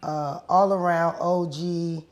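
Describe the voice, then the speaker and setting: A hoarse woman with a raspy voice, introducing herself casually as a guest in a laid-back, streetwise way. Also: on the low side, steady tone, slow. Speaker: guest, emcee.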